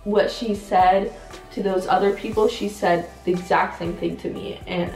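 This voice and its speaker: A shy teenage girl co-hosting a casual sit-down chat, soft-spoken and hesitant, full of fillers. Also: medium pitch, fairly even intonation, moderate pace. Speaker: channel co-host. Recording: roomy sound, mic at a distance, faint music.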